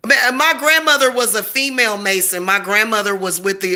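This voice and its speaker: A woman's voice: medium pitch, fairly even intonation, fairly quick, sharp tone. A woman in her forties delivering a profane, confrontational, boastful rant straight to camera. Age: 40s. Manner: boastful, defiant. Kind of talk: ranting monologue to camera.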